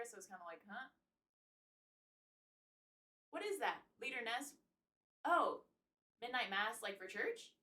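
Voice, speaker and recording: A woman's voice: medium pitch, fairly bright tone. A young woman streaming live, chatting casually while she wraps gifts. She swears freely and laughs often. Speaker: livestreamer. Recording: roomy sound from a distance.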